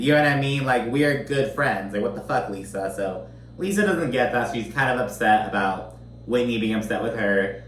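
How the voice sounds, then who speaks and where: A man's voice: mid-range voice, normal speed, a bit bright. A man casually recapping a reality TV episode, chatty and swearing freely, often asking "you know what I mean?". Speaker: TV recap host. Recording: roomy, distant mic, faint hum.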